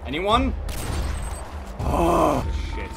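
Excitable, foul-mouthed gaming commentator, man, slightly high and animated, loud gunfire in the mix. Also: drawn-out words, very noisy. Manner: profane, excitable, yelps and laughs at plays. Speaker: gaming YouTuber. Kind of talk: live gameplay commentary. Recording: game gunfire behind the voice. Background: gunfire and game sounds.

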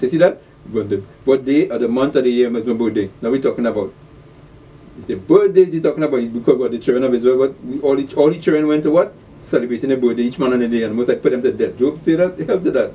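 A man's voice: mid-range voice, quick pace, dark tone, recorded from a distance. A man preaching a sermon, reading scripture aloud and pressing his listeners with repeated rhetorical questions. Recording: voice set back from the mic.

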